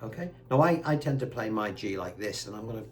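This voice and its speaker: A man teaching guitar with a chatty, patient manner, counting the beats out loud slowly while he plays. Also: on the low side, expressive. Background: guitar playing.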